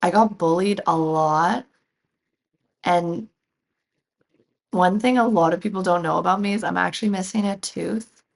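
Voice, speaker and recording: A woman's voice: on the low side, a little slow, gravelly, pauses often. A woman guest on an interview podcast, answering questions candidly about her own life. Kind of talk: conversational interview.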